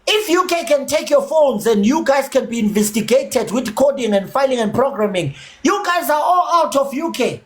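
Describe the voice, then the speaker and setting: A man's voice: extremely high pitch, animated, moderate pace, hardly any pauses. A South African man with a Zulu accent, hosting a livestream and ranting in a heated, profane, combative way while mixing English with Zulu. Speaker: livestream host.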